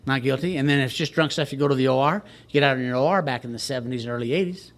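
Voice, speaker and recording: A man's voice: medium pitch, racing. An older man from Texas, telling his personal recovery story to a group in a wry, self-mocking way. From Texas, USA. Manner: wry, joking storyteller who laughs at himself. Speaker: recovery speaker at a retreat.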